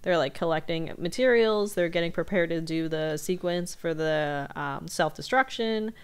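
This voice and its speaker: A woman with a smooth, clean voice that sits a little low. She chats casually as a podcast co-host and walks through a film's plot in a breezy way, with quick asides. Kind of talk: casual movie-reaction chat.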